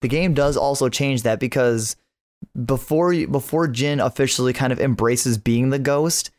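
A man in the middle of a casual podcast chat, gushing about games he loves. He talks in an easygoing, slangy way, full of casual fillers. His voice sits at an ordinary middle pitch. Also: normal speed, a little mellow. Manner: enthusiastic, slangy, many fillers. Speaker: podcast co-host.

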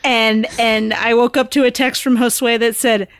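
Enthusiastic higher-voiced woman. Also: flat delivery, moderate pace, no room sound, studio quality. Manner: enthusiastic, chatty. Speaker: podcast co-host. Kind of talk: casual podcast chat.

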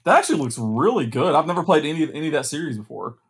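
Man, podcast co-host, enthusiastic, slightly higher voice, casual game talk. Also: sing-song, breathy edge. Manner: enthusiastic, eager, quick reactions. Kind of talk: casual gaming podcast chat.

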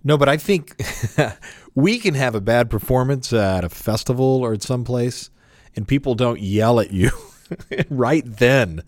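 A man's voice: mid-range voice, lively intonation, measured pace, dry recording. A man co-hosting a casual chat, reflective and self-deprecating, laughing often. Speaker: podcast co-host.

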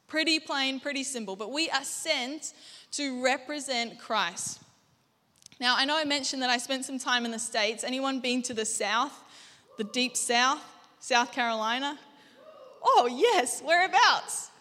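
A woman's voice: sits high, measured pace, sharp tone, big-room sound. A young Australian woman giving a conversational sermon in a church, joking and quizzing the congregation. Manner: chatty, jokey, quizzes the congregation. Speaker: guest preacher. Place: church auditorium.

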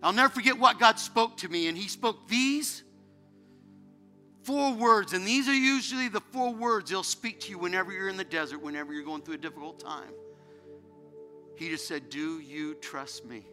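A man's voice: sits high, moderate pace, pushed and bright, soft background music. A man preaching a sermon as a guest pastor, telling an emotional personal story that builds into fervent preaching. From United States.

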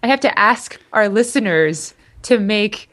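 A woman's voice: mid-range voice, expressive, a little slow, a bit bright. A young woman co-hosting a podcast, chatting casually and laughing often as she rambles. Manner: giggly, rambling. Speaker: podcast co-host. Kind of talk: casual chat.

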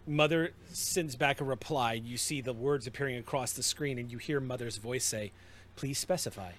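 A man running a tabletop game as game master, narrating scenes in an unhurried, descriptive way with small restarts. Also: mid-range voice, fairly bright tone, a little hiss or hum.

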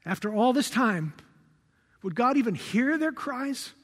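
A man preaches a sermon in a strikingly high and bright voice. He leans on repeated rhetorical questions, rising to force and then falling to a hush. The sound carries the long reverb of a large hall. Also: expressive, a little slow, breathy edge. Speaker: pastor.

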